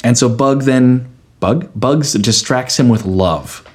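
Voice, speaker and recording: A man's voice: mid-range voice, slow. A man co-hosting a podcast, walking through his ideas in a playful, analytical way. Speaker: podcast co-host. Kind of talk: casual chat.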